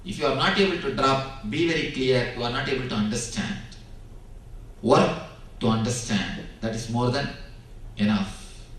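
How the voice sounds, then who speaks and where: A man giving a spiritual discourse, preaching slowly and emphatically with dramatic pauses, recorded in a large hall. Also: medium pitch, a bit bright, far from the mic. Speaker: spiritual teacher. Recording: very echoey hall, speaker off mic.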